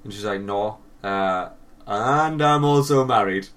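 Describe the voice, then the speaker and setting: A man's voice: fairly low pitch, a little slow, fairly bright tone, recorded from a distance. A young man co-hosting a podcast, telling a long embarrassing story with lots of swearing and laughter. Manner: sweary, laughing, drops voice for quoted lines. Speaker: podcast co-host. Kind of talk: casual storytelling chat.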